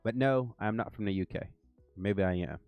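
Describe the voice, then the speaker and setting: A man's voice: lowish voice, normal speed, clear, resonant tone, no room sound, phone-quality sound, faint music behind. An American man hosting a livestream, talking casually in a loose, rambling way with slang and fillers. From United States. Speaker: livestream host.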